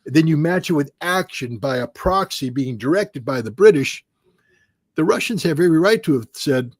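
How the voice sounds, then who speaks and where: Male commentator, husky tone, dead-dry sound, emphatic and argumentative. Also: on the high side, expressive, normal speed, no echo. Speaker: guest analyst. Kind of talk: interview commentary.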